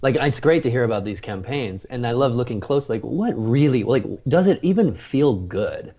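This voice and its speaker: A man's voice: mid-range voice, lively intonation, normal speed, warm tone. A man speaking as an interview guest, talking earnestly and emphatically in a casual spiritual conversation, often repeating words as he searches for them.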